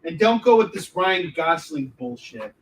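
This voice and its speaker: A comic book artist with a highish, animated voice speaks at a measured pace, rambling and joking through a casual livestream Q&A and laughing often. The distant mic catches faint background noise.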